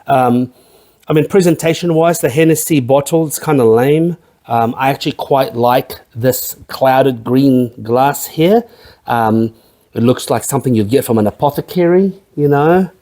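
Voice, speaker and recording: The spirits review host now has a warm, mid-range voice and speaks a little slowly. His casual tasting runs long and talkative, peppered with joking side comments.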